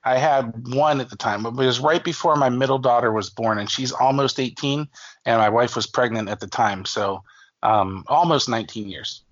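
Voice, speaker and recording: A man's voice: medium pitch, moderate pace, no room sound. A man in his forties, a guest author on an interview, telling stories casually with lots of fillers and restarts. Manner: rambling, many fillers and restarts, acts out quoted family voices. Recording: dull lo-fi dry audio.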